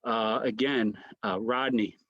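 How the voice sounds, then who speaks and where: A man's voice: on the low side, steady tone, slow, fairly bright tone, no echo, lo-fi sound. A man, a comedian guest, telling rambling stories and mimicking the voices of others. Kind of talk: storytelling anecdotes.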